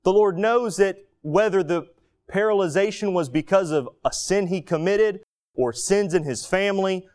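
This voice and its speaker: A man preaching a sermon, telling a Bible story with animated asides and acted-out quotes. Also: sits high, moderate pace.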